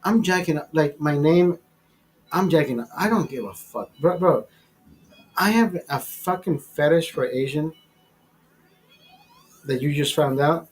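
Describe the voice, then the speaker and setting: Guy hosting a live stream, kinda high pitch, swears a lot, rambles and laughs. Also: a little slow, pauses often. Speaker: livestream host. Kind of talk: casual crude chat.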